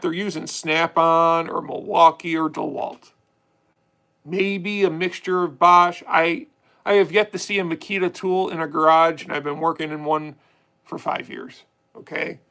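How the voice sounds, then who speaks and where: A man's voice: a little high, gravelly, bright, forceful tone, poor audio. A young man hosting a casual live stream, chatty and swearing freely as he answers viewer questions. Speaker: livestream host.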